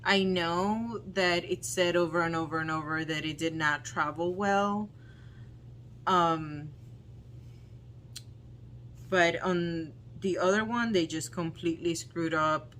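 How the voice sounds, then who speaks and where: Woman, plant vlogger, unhurried and halting, lowish voice, faint background noise. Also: steady tone, a bit bright. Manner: slow, halting, dismayed talk with frequent ums. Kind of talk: casual unboxing commentary.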